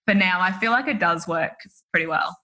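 A woman's voice: lowish voice, fairly quick, pushed and bright. A woman, a photographer who is a guest on a podcast, talking candidly with lots of "like" and "you know". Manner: candid, self-deprecating, many fillers. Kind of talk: casual interview chat.

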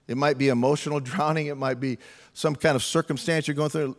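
Conversational preacher in a reverberant hall. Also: male voice, a little high, fairly even intonation, brisk. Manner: conversational, humorous, acts out quotes. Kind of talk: sermon.

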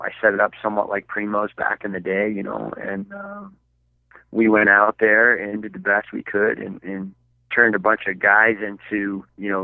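A man's voice: on the low side, gravelly, no room sound. A middle-aged man from Michigan telling hunting stories as a podcast guest, rambling with many fillers and restarts. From Michigan, United States. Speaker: podcast guest, archery filmmaker. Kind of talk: casual storytelling. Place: his basement at home. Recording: tinny phone-like line.

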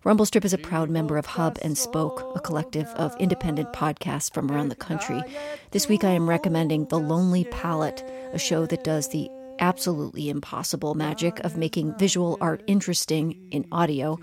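A woman hosting a podcast reads the closing credits and announcements. Her voice is notably low for a woman, and her reading is friendly and unfussy. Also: brisk, crowd noise. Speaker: podcast host. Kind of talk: scripted outro and announcements.

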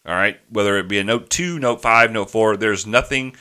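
Brief: low, bright-toned guy, podcast host, profane rant storyteller. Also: normal speed, smooth. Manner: animated ranting with profanity, quoting people in his voice. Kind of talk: casual storytelling chat.

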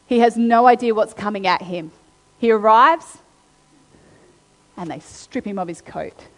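A woman preaching a sermon, reading scripture aloud and then retelling it with animated, acted-out quotes. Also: on the high side, normal speed, long pauses. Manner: animated storytelling, acting out quotes. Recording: long hall reverb.

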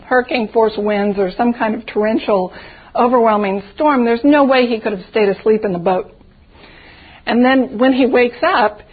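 Husky woman teaching Bible study, phone-quality sound. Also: a little high. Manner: reflective, poses rhetorical questions. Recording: tinny phone-like audio.

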